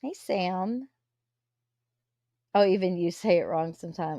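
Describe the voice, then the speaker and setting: A woman's voice: mid-range voice, animated, moderate pace, dry recording. A woman hosting a casual live chat, gossiping, greeting viewers and swearing freely. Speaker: livestream host.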